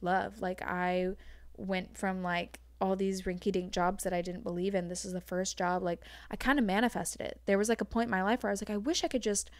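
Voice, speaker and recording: A young woman talks openly as a guest in a relaxed conversation. Her phrasing is loose and peppered with "like". The recording is close and dry, with no room echo. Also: medium pitch. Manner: frank, fast-flowing, heavy use of "like". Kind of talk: casual chat.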